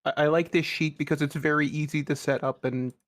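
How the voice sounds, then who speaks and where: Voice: mid-range voice, steady tone, a little fast. A player in a tabletop game, explaining character sheets in a helpful, apologetic way. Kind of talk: casual tabletop game play.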